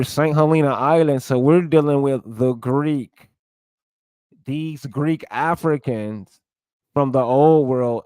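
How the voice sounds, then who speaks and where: A man's voice: mid-range voice, a little mellow, clean tone, dry recording. A man lecturing viewers in casual commentary, searching aloud and calling them y'all. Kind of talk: casual commentary while browsing sources.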